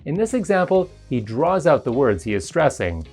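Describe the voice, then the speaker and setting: A teacher reading a scripted narration that explains pronunciation in an even, explanatory way. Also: medium pitch, normal speed, vocal fry, over music. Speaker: English teacher.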